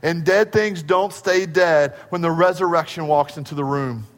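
High-voiced man preaching in a reverberant hall. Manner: emphatic, slows right down to stress key phrases; asks the congregation rhetorical questions. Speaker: pastor. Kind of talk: sermon. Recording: long reverb of a large hall.

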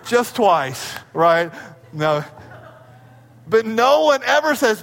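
A middle-aged man with a high voice preaches a sermon, and his words ring out with a long reverb in a church sanctuary. He tells family stories in an animated way, sometimes sliding into squeaky impressions of his kids. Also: unhurried, creaky, pauses often. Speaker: pastor.

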